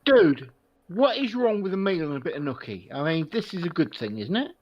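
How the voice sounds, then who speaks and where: A man's voice: high-pitched, very animated, brisk, husky, lo-fi sound. A man co-hosting a casual stream who makes puns and plays innocent. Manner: punning, mock-innocent joker. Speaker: stream co-host.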